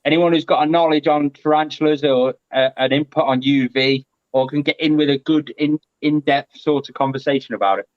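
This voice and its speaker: Chatty guy on a video call, slightly high voice, muffled lo-fi audio. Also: brisk, few pauses, no echo. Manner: chatty and animated. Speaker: guest. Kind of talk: casual live-stream chat.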